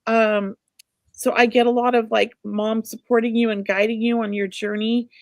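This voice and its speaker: A woman's voice: fairly high pitch, level tone, normal speed, dry recording, studio quality. A middle-aged woman co-hosting a show, giving casual spirit readings in an emotional, rambling way. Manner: emotional, warm-hearted, rambling. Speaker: psychic medium co-host.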